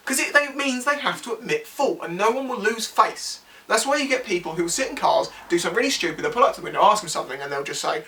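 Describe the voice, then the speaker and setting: A man's voice: extremely high pitch, very animated, quick pace, few pauses, sharp tone, distant mic. A man, a motorcycle vlogger giving a frank, exasperated opinion to camera and sometimes acting out other riders. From England. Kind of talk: casual opinion rant to camera.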